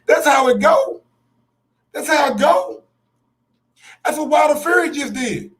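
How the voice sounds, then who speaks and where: Fired-up high-voiced man ranting. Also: measured pace. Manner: fired-up, profane, repeats himself for emphasis. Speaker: sports show host. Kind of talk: heated live-stream rant.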